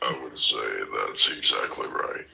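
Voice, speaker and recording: A man, a voice narrator, joining a live chat with a low, soft murmur. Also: a little slow, creaky, a little hiss or hum. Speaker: call-in guest, voice narrator. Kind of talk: casual chat.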